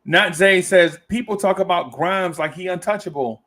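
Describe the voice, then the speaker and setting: Hosting a laid-back fan talk stream, this man speaks at a moderate pace in a high, slightly bright voice. He playfully reads out viewer comments, laughing readily and circling back to his own phrases.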